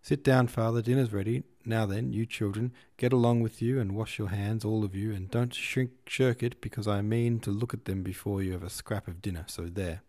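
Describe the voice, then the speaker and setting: A man reading a brisk, sensible young woman. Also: lowish voice, fairly even intonation, mellow, natural voice. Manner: practical, teasing, scolding.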